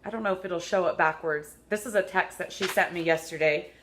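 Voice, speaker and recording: A woman's voice: on the low side, a little fast, a bit bright, a little hiss or hum. Chatty, upbeat woman vlogger in a roomy space. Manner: chatty, rambling, upbeat and earnest. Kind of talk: unedited casual vlog talk. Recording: echoey room.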